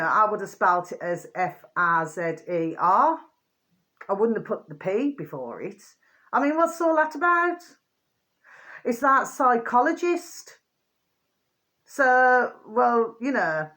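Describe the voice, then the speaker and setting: A woman hosting her own channel, talking in a rambling, casual monologue. She keeps asking if listeners know what she means and drops to a murmur between louder bursts. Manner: chatty, repeats pet phrases and asks "do you know what I mean"; often drops to a low murmur, then rises high and laughs. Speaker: channel host.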